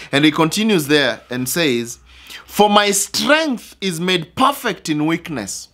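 Male preacher, high-pitched, earnest and repetitive sermon delivery. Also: sing-song, a little slow, fairly bright tone.

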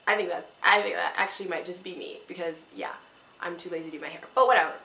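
A woman's voice: lowish voice, steady tone, quick pace, vocal fry, bright, forceful tone. A young woman vlogging to her viewers, talking in an earnest, rambling, encouraging way and close to tears at times. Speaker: mom vlogger. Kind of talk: casual heartfelt talk to camera. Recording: echoey room with faint ambient noise.

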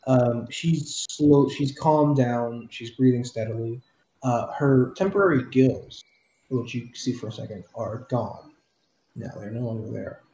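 A man's voice: medium pitch, a little slow, mellow. Brief: male game master, casual narration, roomy sound. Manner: descriptive, with fillers.

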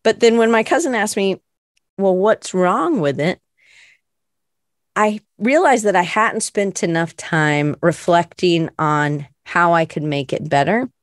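A woman's voice: fairly low pitch, a little slow, hardly any pauses, no echo, clean studio sound. A woman hosting a live creative show, chatting in a rambling, self-deprecating way full of fillers. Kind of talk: casual chat.

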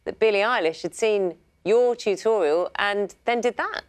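A woman presenting a breakfast news show, interviewing a guest in a measured way and laughing easily. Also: medium pitch, no room sound. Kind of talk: live TV interviewing.

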